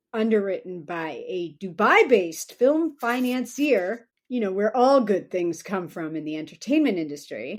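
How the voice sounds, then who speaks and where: A woman's voice: lowish voice, darkish tone. A woman co-hosting a film podcast, chatting casually with wry, gossipy asides. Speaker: podcast co-host. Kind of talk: casual film-talk chat.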